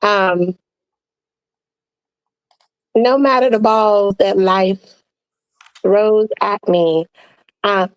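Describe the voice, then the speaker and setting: A woman speaking as a podcast guest in casual, reflective chat, telling stories in an expressive, colloquial way over a video call. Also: mid-range voice, extremely slow, long pauses, clear, resonant tone, dry recording, lo-fi sound.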